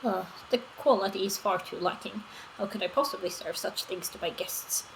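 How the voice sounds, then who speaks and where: A woman's voice: mid-range voice, moderate pace, vocal fry, slight background noise, natural voice, low-quality recording. Woman reading as a proud village tea merchant. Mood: earnest. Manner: formal, old-fashioned storybook phrasing.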